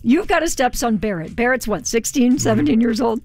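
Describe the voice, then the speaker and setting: A woman's voice: fairly high pitch, fairly quick, darkish tone, faint music behind. A woman hosting a morning radio chat, upbeat and leading the segment with questions. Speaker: radio show host.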